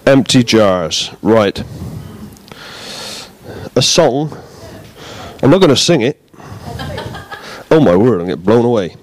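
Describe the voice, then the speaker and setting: A man giving a relaxed, jokey sermon in a church, bantering with the congregation. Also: mid-range voice, slow, long pauses. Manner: chatty, jokey, self-deprecating. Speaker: preacher.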